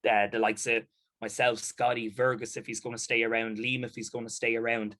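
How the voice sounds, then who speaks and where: An Irish man, a basketball captain and coach, in casual chat, animated and quick to laugh. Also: mid-range voice. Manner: animated, laughs often, acts out sounds.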